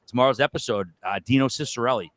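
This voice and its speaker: A man with a Boston accent, a podcast guest chatting casually, loud, joking and freely profane. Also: mid-range voice, fast talker, no echo. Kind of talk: casual interview chat.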